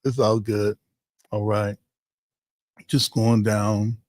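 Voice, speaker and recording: A man's voice: lowish voice, flat delivery, slow pace, darkish tone, no echo, clean studio sound. A man hosting a community livestream in a casual, joking way, reading out viewer comments with lots of fillers and restarts. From Ohio.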